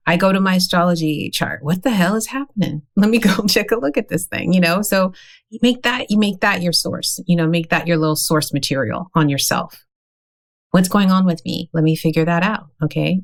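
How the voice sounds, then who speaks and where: Deep-voiced woman podcast co-host. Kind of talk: casual podcast chat.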